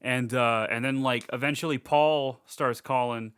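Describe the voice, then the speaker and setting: A man co-hosting a podcast, rambling casually through a movie recap, laughing and throwing in quick character voices. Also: medium pitch, steady tone, fairly bright tone, clean tone, no echo, clean studio sound. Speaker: podcast co-host.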